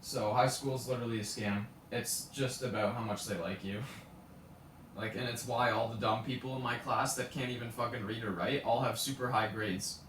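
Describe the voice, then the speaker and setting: A man's voice: medium pitch, fairly even intonation, moderate pace, a bit bright, a little hiss or hum. Indignant young guy ranting on stream. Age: late teens. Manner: indignant, profane, storytelling with acted quotes. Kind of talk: ranting live stream monologue. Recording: roomy, from a distance, faint ambience.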